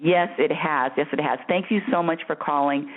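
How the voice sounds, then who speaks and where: An effusive woman with a deep voice hosts a call-in spiritual radio show, giving advice at a moderate pace. Her delivery swings with animation and frequent laughter, and she repeats phrases for emphasis. The sound is thin and tinny, like it's coming over a phone line.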